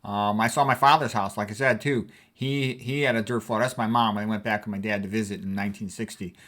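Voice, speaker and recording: A man's voice: lowish voice, steady tone, brisk. Older American man reminiscing casually. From United States. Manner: rambling, conversational, warm reminiscing. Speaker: physician vlogger. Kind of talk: casual talk over family photos.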